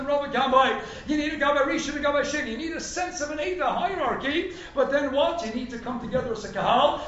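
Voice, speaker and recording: A man giving an animated, emphatic sermon as a rabbi, at times rising to near shouts. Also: very high-pitched, a little hiss or hum. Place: synagogue hall. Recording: echoey hall from far off, dull sound.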